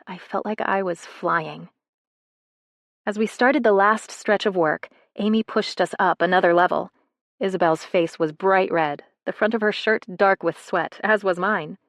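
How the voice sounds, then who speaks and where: A woman reading a first-person romance novel in a soft, intimate way, as scripted narration. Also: lowish voice, dry recording, studio quality. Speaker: audiobook narrator.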